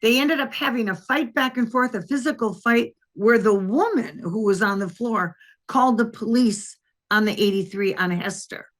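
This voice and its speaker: A woman's voice: a little high, moderate pace. An older woman from Wisconsin, a former detective, telling a long story in a rambling, conversational way with frequent restarts. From Wisconsin, USA. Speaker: interview guest, former police detective. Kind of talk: anecdotal storytelling in an interview.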